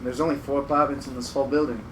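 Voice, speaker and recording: A man's voice: mid-range voice, level tone, racing, noisy background. A man streaming a video game with a friend, joking and going on mock rants. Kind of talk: casual gaming commentary.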